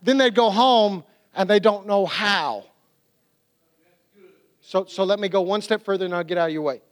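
A man preaching a sermon as a pastor, animated, with restarts and quotes he acts out. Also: sits high, moderate pace.

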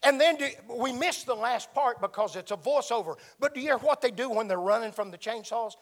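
A man's voice: very high voice, expressive, fairly quick. A man preaching a sermon with emphatic delivery that swells and drops. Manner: emphatic, rising and falling delivery.

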